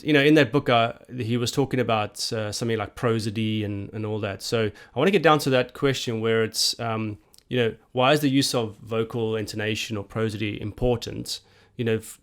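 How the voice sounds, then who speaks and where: Man, podcast host, lowish voice, hesitant, repeats words. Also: fairly bright tone. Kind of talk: podcast interview, asking questions.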